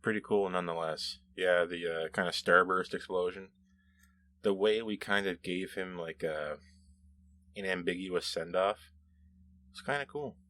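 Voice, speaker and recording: Deep-voiced man rambling through comments. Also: fairly bright tone, a little hiss or hum. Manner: rambling, self-correcting, laughs often. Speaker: host reading viewer comments. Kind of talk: casual commentary.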